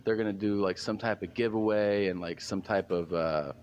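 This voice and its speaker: A comedian telling a story in casual chat, rambling and animated. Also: male voice, on the low side, normal speed, lo-fi sound, slight background noise. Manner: rambling, filler-heavy, animated retelling.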